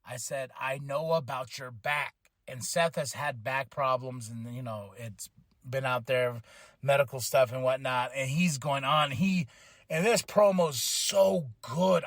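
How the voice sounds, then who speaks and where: A man hosting his own wrestling podcast in casual chat, excitable and rambling, with many restarts and bursts of laughter. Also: medium pitch, no room sound, studio quality. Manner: excitable, rambling, quick restarts and self-corrections; breaks into laughter and shouted exclamations.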